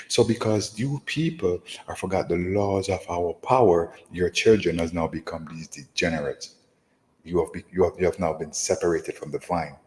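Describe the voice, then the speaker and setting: A man's voice: low-pitched, normal speed, a little mellow, big-room sound, rough recording. A man teaching from scripture in an emphatic, repetitive way, often asking "right?". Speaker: preacher. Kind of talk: scripture lesson.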